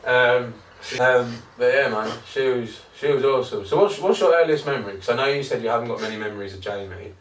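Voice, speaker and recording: A fast-talking man with a medium-pitched voice barely pauses as he co-hosts a podcast, telling wandering, sweary stories and laughing often in casual chat. The sound is roomy, from a distant mic, with faint noise.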